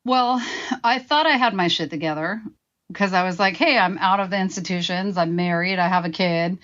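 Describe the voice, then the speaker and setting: A woman's voice: fairly low pitch, normal speed, a bit bright, dull audio. A woman in her forties, a guest telling her own story frankly and with swearing, acting out her past remarks. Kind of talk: candid personal storytelling.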